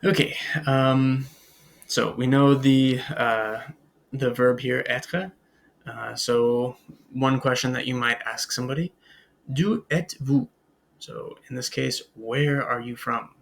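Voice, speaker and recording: At a slow pace, a man whose mid-range voice carries a gravelly edge leads a recorded beginners' French lecture. His relaxed English explanations are full of "uh"s and "um"s, and he breaks off to pronounce French words and phrases for learners to repeat.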